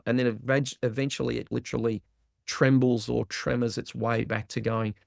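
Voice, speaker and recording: A man talks through ideas with animated energy, often slipping into quoted inner voices. His voice carries a gravelly edge, recorded dry and close with no room sound. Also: mid-range voice, normal speed, dry recording. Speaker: guest, trauma release exercise practitioner. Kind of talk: explanatory interview talk.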